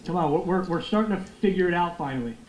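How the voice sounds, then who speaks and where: Young male gamer, loud and profane, lively voice, faint room hiss. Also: high voice, quick pace. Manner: loud, excitable, profane trash talk. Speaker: gaming streamer. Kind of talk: live gameplay commentary. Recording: echoey room with faint noise.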